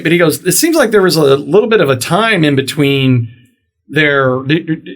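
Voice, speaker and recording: A middle-aged man hosting a podcast, with a voice pitched a little above most men's. He tells a story in a loose, conversational way and slips into the voices of the people he quotes, bringing their lines to life. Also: a little fast. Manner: animated storyteller, acts out quoted dialogue. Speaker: podcast host. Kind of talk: casual storytelling interview.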